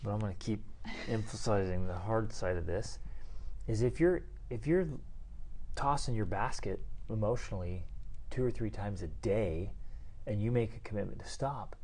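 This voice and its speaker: A man's voice: fairly low pitch, expressive, moderate pace, darkish tone, a little hiss or hum. A man in his forties co-hosting a casual parenting podcast. He talks bluntly and with emphasis, and acts out other people's voices in his stories. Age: 40s. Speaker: podcast co-host. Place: hotel room.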